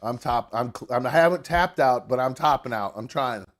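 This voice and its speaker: A man in the middle of an eating challenge, talking casually through mouthfuls of food, groaning, cursing and sounding strained and sweaty. His voice sits at an ordinary middle pitch for a man. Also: animated, moderate pace. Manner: groaning, swearing, eating between words. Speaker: podcast host.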